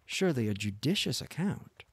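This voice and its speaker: A man's voice: medium pitch, very animated, moderate pace, breathy edge, dry recording, pitched above the performer's own voice, exaggerated voice. A man voicing an earnest, proud young journalist who pleads and bristles at insults. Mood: pleading. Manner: pleading, then indignant.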